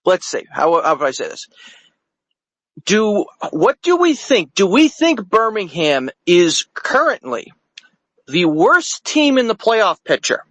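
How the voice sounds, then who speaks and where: A man's voice: sits high, wildly swooping pitch, takes it slowly, a bit bright, dry recording. A man calling in to a podcast segment, playfully arguing his point. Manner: playful, argumentative. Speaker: segment regular, caller. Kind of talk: casual call-in banter.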